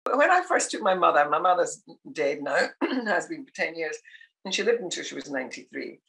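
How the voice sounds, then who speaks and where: Older scottish lady on a podcast, bright voice, laughs a lot while telling stories. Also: sits low, very animated, a little fast, low-quality recording. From Scotland. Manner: warm storytelling, laughs often. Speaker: guest. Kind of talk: casual interview chat.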